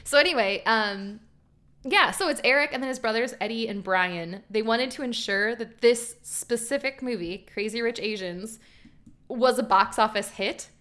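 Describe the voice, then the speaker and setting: A woman's voice: a little high, normal speed, a bit bright. A woman with a Minnesotan accent co-hosting a podcast, chatting casually and gushing enthusiastically with frequent giggles. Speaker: podcast co-host. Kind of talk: casual chat.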